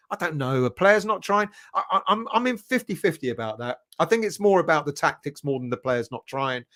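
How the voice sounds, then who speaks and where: A man's voice: fairly high pitch, a bit bright. A man hosting a football fan live stream, casually chatting, reading viewer comments aloud and greeting them by name with a chuckle. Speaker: football fan channel host.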